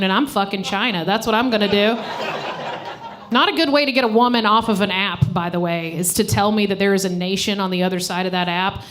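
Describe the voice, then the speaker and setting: A woman comedian doing a live stand-up set on a stage mic, brash and profane, teasing people in the audience. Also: mid-range voice. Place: live comedy show venue.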